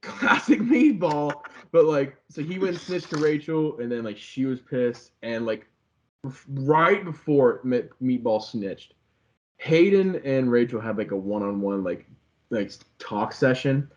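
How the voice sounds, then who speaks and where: A man's voice: medium pitch, expressive, measured pace. Rambling young man retelling gossip. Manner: rambling, profane, acts out quotes with voices. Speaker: podcast co-host. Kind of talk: casual chat recapping a reality show. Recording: slightly dull lo-fi podcast audio.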